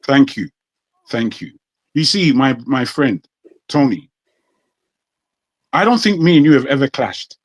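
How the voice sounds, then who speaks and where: A man with a British accent, a guest in a heated panel debate, speaking forcefully and indignantly with repeated phrases. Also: mid-range voice, big pitch swings, measured pace, long pauses, no echo. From Nigeria.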